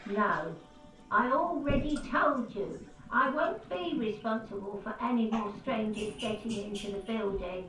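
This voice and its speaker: Cranky old lady behind a door, scolding, raised pitch, echoey and distant. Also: unhurried, soft background music. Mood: stubborn. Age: older. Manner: scolding, shouting through a door. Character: hostile cackling elderly woman behind a door.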